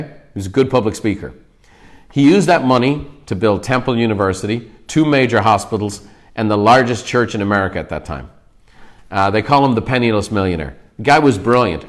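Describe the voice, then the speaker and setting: A company leader gives a book talk to his staff over a livestream, delivering an emphatic, motivational message in a lowish voice. He hammers each point home and keeps pausing for a quick "okay?" before moving on.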